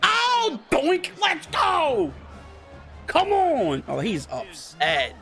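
A young man streaming a video game, reacting live with excited shouts and swearing at each play. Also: very high-pitched, very slow, vocal fry, soft background music. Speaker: gaming streamer.

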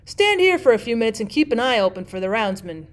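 Woman doing a beat cop, blunt, offhand, plain-spoken, slightly high voice. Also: big pitch swings, quick pace. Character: laid-back male beat cop, blunt.

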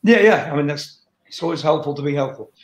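A man's voice: on the high side, fast. An older man, a rock singer speaking as an interview guest in a candid, blunt chat, swearing freely. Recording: roomy echo.

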